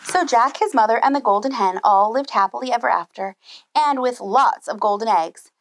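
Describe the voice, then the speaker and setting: A woman teacher reading a storybook aloud to young children, animated, with gasps and asides. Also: a little high, normal speed, slight background noise. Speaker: preschool teacher.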